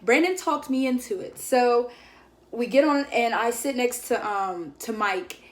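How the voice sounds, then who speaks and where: A young woman vlogger with a slightly high voice tells a story unhurriedly and chattily. She fills it with "like" and acts out quotes from her friends.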